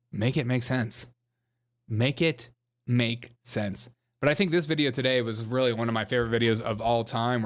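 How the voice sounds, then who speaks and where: A man's voice: fairly high pitch, a bit bright. A man hosting a show, mocking political clips with sarcastic, laughing commentary. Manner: sarcastic, laughing, jumps between voices. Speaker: show host.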